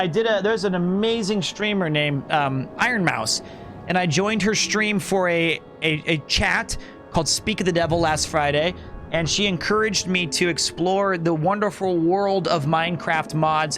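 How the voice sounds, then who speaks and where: A man's voice: high-pitched, unhurried, fairly bright tone, soft background music. A man streaming a video game, chatting casually and rambling to his viewers between puzzles. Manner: chatty, rambling, talks to chat. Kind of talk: casual gaming stream chat.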